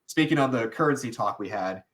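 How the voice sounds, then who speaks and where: Animated and fairly quick, a young man with a medium-pitched, a bit bright voice co-hosts a laid-back podcast. His talk rambles and restarts, punctuated by frequent laughter.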